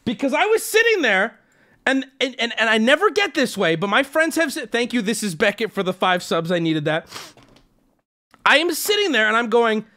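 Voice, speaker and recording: A young man streaming and telling a story to his chat. His voice sits high and swings all over the place, swearing freely and jumping into sharp high yelps when he acts out his own lines. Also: normal speed. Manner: animated, swearing, jumps to high yelps when quoting himself.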